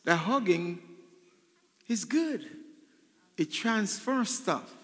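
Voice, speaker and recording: A man's voice: high-pitched, expressive, extremely slow, a bit bright. A male pastor preaching a sermon in a church, repeating phrases and asking the congregation for an "Amen". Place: church sanctuary. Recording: long reverb in a large hall.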